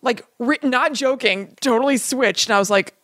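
A woman co-hosting a podcast, telling stories animatedly and reacting quickly in casual chat. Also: fairly high pitch, fairly bright tone, no room sound, clean studio sound. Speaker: podcast co-host.

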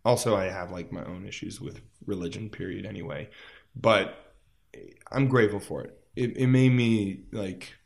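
The voice belongs to a musician guest in his thirties: fairly low, creaky, at a moderate pace. In this casual interview he tells stories animatedly, says "like" often, and performs the quoted lines in character.

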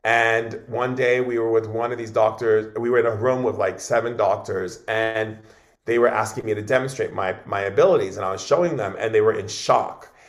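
Animated man telling stories as a guest. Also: lowish voice, moderate pace, roomy sound. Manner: animated, repeats and restarts words often. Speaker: guest shaman. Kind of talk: casual interview storytelling.

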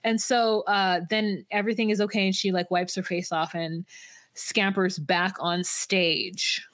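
A woman's voice: medium pitch, fairly even intonation, unhurried, fairly bright tone, no echo, studio quality. A woman co-hosting a podcast, chatting casually and wryly as she recaps, laughing often. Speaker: podcast co-host.

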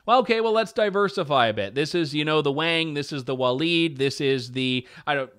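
Man, talk radio host, sarcastic asides, slightly higher voice, opinion monologue. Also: expressive, fairly quick, fairly bright tone, clear, resonant tone. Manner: wry, sarcastic asides with chuckles.

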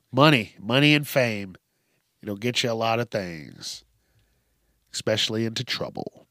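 Male comedy news host, profane, mocking, slow delivery, dry close sound. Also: mid-range voice, lively intonation, a bit bright, no echo. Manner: profane, mocking, laughs often.

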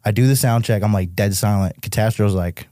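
A young man from Massachusetts, a musician guest on a podcast, telling tour stories in a casual, animated way, swearing often and saying "like" a lot. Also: fairly low pitch, fairly quick, no room sound, studio quality.

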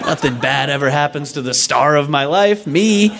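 Animated self-mocking young man telling a story. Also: fairly high pitch, moderate pace, creaky. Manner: animated, self-mocking, acts out quoted voices. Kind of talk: live storytelling to an audience.

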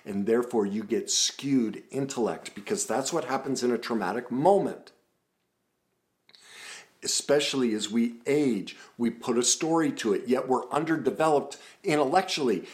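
A man's voice: mid-range voice, moderate pace. A man, a self-help author, guiding listeners through memories with a string of questions, then telling a painful story and building to impassioned emphasis. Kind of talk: guided reflection talk.

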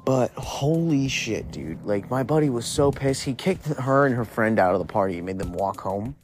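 A man's voice: medium pitch, lively intonation, normal speed, soft background music. A young man telling a story in a loose, rambling way, swearing constantly and filling with "like". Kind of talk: casual profane storytelling.

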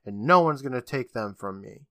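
A man's voice: mid-range voice, expressive, moderate pace, fairly bright tone, no room sound, clean studio sound. A man voicing a cruel, domineering ancient witch woman who gives haughty commands. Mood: menacing.

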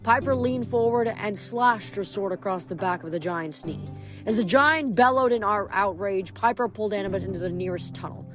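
Expressive woman reading a novel aloud. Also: mid-range voice, moderate pace, soft background music. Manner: expressive, dramatic narration. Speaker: audiobook reader.

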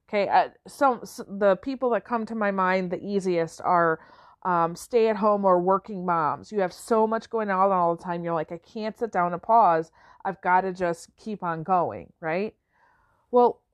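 In clean studio sound with no room noise, a woman with a medium-pitched voice who coaches business owners talks reflectively and casually. She often asks "right?" and rephrases as she goes.

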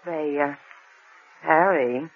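A woman's voice: low-pitched, extremely slow, slight background noise, full character voice. An actress playing a coy, suspicious young gangster's girlfriend in a 1940s radio drama. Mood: probing. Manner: coy, probing. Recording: dull old radio recording.

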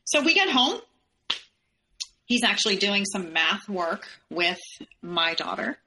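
Woman guest on a podcast, bright clear voice, walks through what happened step by step. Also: medium pitch, big pitch swings, slow, low-quality recording. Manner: recounts events step by step in the present tense. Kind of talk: personal storytelling.

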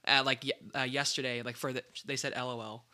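A man's voice: mid-range voice, flat delivery, fast talker, pushed and bright. A young man co-hosting a podcast in casual chat, rambling with many restarts and fillers. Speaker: podcast co-host.

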